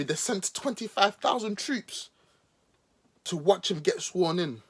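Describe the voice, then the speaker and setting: Husky sarcastic man on a podcast. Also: high voice, unhurried. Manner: mocking, animated, playful voices for emphasis. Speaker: podcast host. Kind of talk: sarcastic political commentary monologue.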